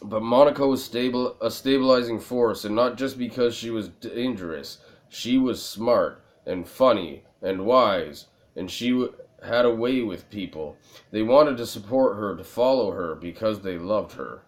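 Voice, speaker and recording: A man voicing a Turkish male informant in a video game who speaks low, hushed and slow. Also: close to an everyday voice. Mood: hushed, grave.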